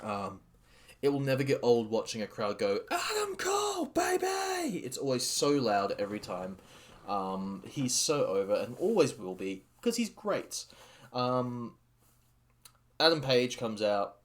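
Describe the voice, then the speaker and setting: Excitable rambling man, lowish voice. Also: unhurried. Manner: excitable, rambling with many fillers and restarts. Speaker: podcast host reviewing a wrestling show. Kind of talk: casual recap chat.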